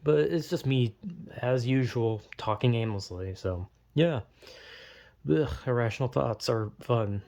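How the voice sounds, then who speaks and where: A man's voice: medium pitch, a little slow, darkish tone. A young man in a casual, rambling solo monologue, stumbling over words, swearing freely and acting out imagined voices. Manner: rambling, self-interrupting, swears often, acts out imagined voices. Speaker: vlogger.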